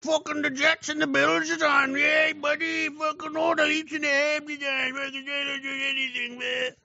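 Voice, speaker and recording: A man's voice: very high voice, completely flat delivery, moderate pace, creaky, sharp tone, dry recording, voice pushed up, full character voice. A man with a sneering, drawling delivery, putting on the voice of a lazy, beer-drinking sports fan. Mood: mocking. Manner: sneering mockery, drawling "buddy". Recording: dull, dry lo-fi recording.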